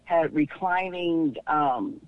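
A man calling in over a tinny, dry phone line, his voice sitting fairly high. He talks in a chatty, rambling way, laughing easily as he tells his story. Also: takes it slowly, no room sound. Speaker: caller. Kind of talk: casual call-in chat.

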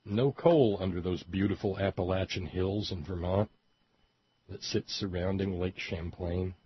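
A man's voice: sits low, a little slow, slightly rough. A man from West Virginia giving a rambling, sardonic commentary monologue with frequent hesitations. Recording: dull lo-fi audio, dry.

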